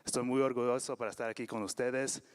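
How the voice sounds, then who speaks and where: A man's voice: mid-range voice, flat delivery, very fast, smooth. A man hosting an event from a stage, out of breath and apologetic. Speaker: event host. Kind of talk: bilingual event welcome.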